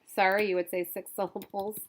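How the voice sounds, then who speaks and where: A woman's voice: medium pitch, little pitch movement, fairly quick, a little hiss or hum. A woman college instructor giving a recorded lecture, informal and thinking aloud as she goes.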